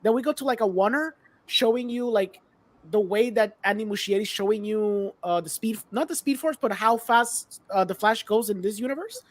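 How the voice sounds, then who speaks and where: A woman's voice: mid-range voice, normal speed, dry recording. A Puerto Rican woman co-hosting a podcast, casually retelling a movie scene by scene and acting out the characters' lines, with bits of Spanish. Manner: relaxed recap, slips into Spanish, acts out lines. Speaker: podcast co-host. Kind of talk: casual movie recap chat.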